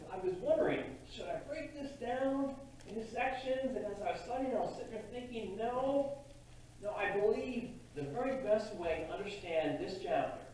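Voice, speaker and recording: A man preaching a sermon as pastor, in a conversational, halting way with frequent restarts. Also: high-pitched, mellow, slight background noise. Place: church sanctuary. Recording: distant mic in a very echoey church hall.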